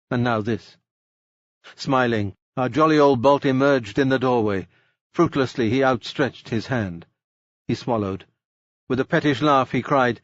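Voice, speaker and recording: Brief: male narrator for a literary audiobook, steady and measured, dull dry recording. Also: medium pitch, no room sound.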